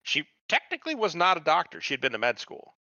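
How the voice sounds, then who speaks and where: A man's voice: fairly high pitch, wildly swooping pitch, quick pace, sharp tone, no room sound, dull audio. A man co-hosting a podcast, casually retelling a TV show with heavy swearing and quoted voices. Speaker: podcast co-host. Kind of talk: casual chat recapping a TV show.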